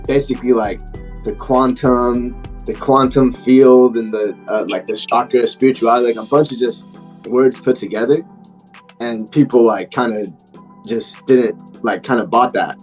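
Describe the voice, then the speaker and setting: A man's voice: mid-range voice, a little mellow. A man, a class member, telling a story in rambling casual talk full of fillers. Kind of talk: casual conversation.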